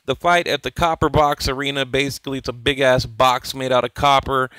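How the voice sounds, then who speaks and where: A man's voice: medium pitch, fairly even intonation, fairly quick, sharp tone, dry recording, low-quality recording. A man hosting a boxing channel, chatting casually and rambling with lots of fillers. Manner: rambling, laid-back, many fillers, chuckles. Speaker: boxing YouTube host. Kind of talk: casual fight commentary.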